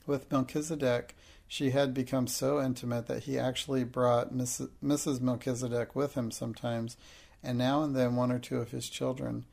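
A man reads a children's novel aloud in a steady, measured way. His voice is gravelly and his delivery stays level, with little rise and fall. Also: mid-range voice. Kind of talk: audiobook narration.

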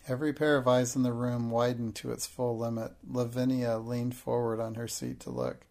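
A man reading a classic children's novel aloud as an audiobook, in steady, measured storytelling. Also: mid-range voice, gravelly. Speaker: audiobook narrator.

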